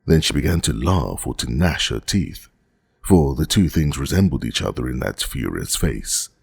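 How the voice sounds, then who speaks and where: A man narrating a classic novel as an audiobook, in a measured, dramatic reading. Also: rumbling low, animated, creaky, slightly rough, no echo.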